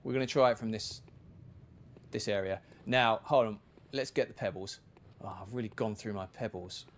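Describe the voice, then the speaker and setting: A man's voice: fairly low pitch, moderate pace, slight background noise. A man giving casual, chatty commentary while playing a video game, with self-mocking asides. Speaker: gaming video creator.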